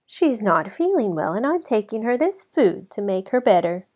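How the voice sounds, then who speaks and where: A woman doing a bright, gasping little girl in a red hood. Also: moderate pace. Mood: cheerful. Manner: high, excited and breathless. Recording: slightly dull lo-fi recording.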